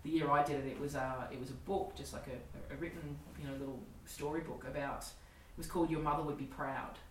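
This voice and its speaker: Low-voiced Australian woman storyteller in her forties. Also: fairly even intonation, a little fast, roomy sound, far from the mic, slight background noise, poor audio. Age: 40s. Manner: candid, swearing, laughing storyteller. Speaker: comedian guest. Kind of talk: casual storytelling chat.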